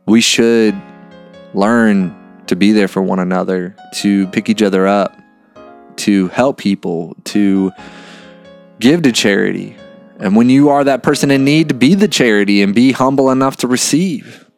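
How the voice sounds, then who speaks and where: A man's voice: on the low side, a little slow, soft background music. A man hosting a podcast, musing earnestly in a casual, reflective monologue, swearing freely and often saying "man". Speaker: podcast host.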